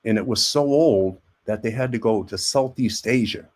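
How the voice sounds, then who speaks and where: A man's voice: medium pitch, moderate pace, a little mellow. A man, an army veteran and actor, telling rambling stories as a guest in a casual interview. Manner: rambling, repeats words, acts out quoted voices.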